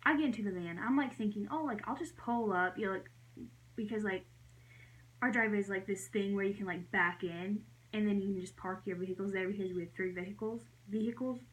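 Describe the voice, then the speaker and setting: A woman's voice: brisk, rough recording. Chatty young woman vlogger. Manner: chatty, filler-heavy storytelling full of "like"; animated, jumping high when acting out her own reactions. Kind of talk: casual storytime vlog.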